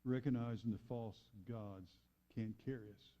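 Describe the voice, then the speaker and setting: A man pastor preaching a sermon, moving between raised emphatic lines and quiet, hushed storytelling. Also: medium pitch, steady tone, moderate pace. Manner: preaching with dramatic swings from loud to hushed.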